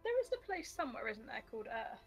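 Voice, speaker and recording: A woman's voice: fairly high pitch, big pitch swings, fast, creaky, faint music behind, low-quality recording. A woman co-hosting a livestream, chatting casually and bantering with easy laughter. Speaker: livestream co-host. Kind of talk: casual chat.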